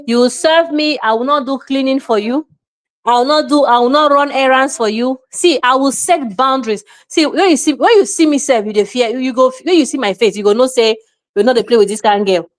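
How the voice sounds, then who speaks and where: A Nigerian woman lectures with a raised, emphatic delivery. Her voice sits a little high for a woman. She slips into Pidgin and plays out small scenes in quoted voices. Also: brisk. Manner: forceful, lecturing, mixes in Pidgin. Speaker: show host. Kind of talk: opinionated commentary.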